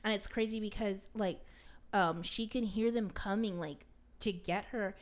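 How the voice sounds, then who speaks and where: A woman's voice: mid-range voice, fairly even intonation, measured pace. A young adult woman casually retelling a film to a friend, rambling with constant fillers and casual swearing. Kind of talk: casual chat.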